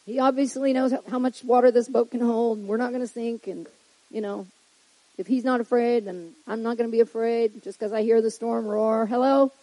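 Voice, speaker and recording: A woman delivers a casual, joking sermon, turning to the congregation again and again. Her voice sits a little high with a husky grain. The sound is dry and close. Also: steady tone, a little fast, warm tone, no echo, rough recording. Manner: chatty, joking, with frequent asides to the congregation. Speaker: preacher. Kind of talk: humorous sermon.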